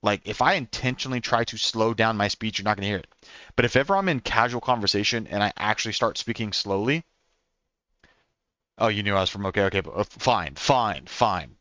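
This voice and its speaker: A young man with an Oklahoman accent talks rapidly to his live-stream viewers, stumbling over and repeating words. His voice is bright and forward. The recording is dry and a little dull. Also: lowish voice, lively intonation, no room sound. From Oklahoma, USA. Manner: rapid talker, repeats words, laughs often.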